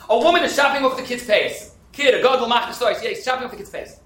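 A man teaching a Talmud class, animated and quick, fielding questions and dropping in Hebrew and Yiddish terms. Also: very high voice, roomy sound, slight background noise, poor audio. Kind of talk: interactive class lecture.

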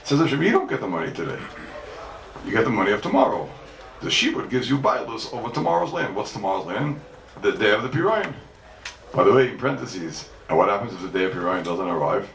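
A man with a somewhat low, gravelly voice lectures on Talmud like a rabbi before his congregation. He hammers his points home, repeating them and firing questions he answers himself. He is recorded from a distance in an echoey hall, with faint background noise. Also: big pitch swings, fast, fairly bright tone.

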